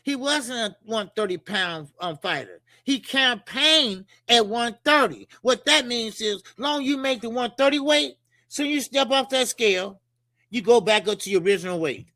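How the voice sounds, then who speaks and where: Brief: man, boxing show host, high gravelly voice, profane animated rant. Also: normal speed, no room sound, studio quality. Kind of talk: casual boxing commentary.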